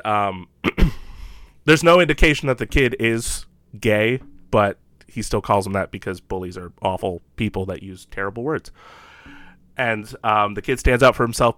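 A man's voice: lowish voice, sharp tone, clean tone, no echo. A man co-hosting a casual podcast from home, rambling with enthusiasm and lots of fillers. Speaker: podcast co-host. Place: home room.

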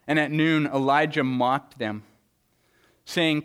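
A man delivering an earnest sermon in a smooth, resonant, somewhat high voice. He stumbles over repeated words as he thinks aloud, then lifts into dramatic scripture readings with big shifts in pitch and loudness. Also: a little slow. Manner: earnest preaching with frequent word repetitions. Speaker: pastor.

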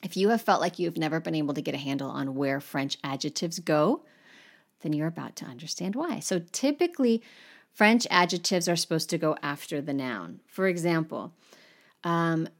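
A woman teaching French to English speakers, in a brisk and reassuring way, pronouncing sample French words with an exaggerated accent. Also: low voice, lively intonation. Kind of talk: instructional course overview. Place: lives in Paris.

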